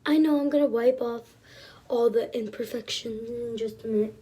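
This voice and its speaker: A woman casually telling a story to her viewers while doing her makeup, soft-spoken and rambling with lots of fillers. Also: on the high side, normal speed. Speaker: vlogger.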